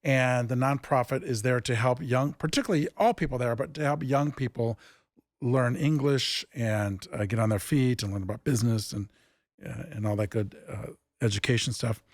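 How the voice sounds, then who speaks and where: A man who founded an improv theatre, telling stories in a casual interview and acting out the dialogue with lively jumps in pitch. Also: normal speed, no echo, studio quality. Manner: animated, acts out quoted dialogue with big pitch jumps.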